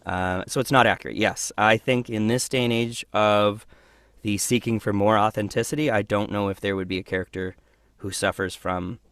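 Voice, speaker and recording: A man who is a voice actor guest, talking through his work in a thoughtful, animated way. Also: on the low side, moderate pace, clear, resonant tone, no room sound. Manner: thoughtful, animated, acts out voices mid-sentence. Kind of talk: casual interview conversation.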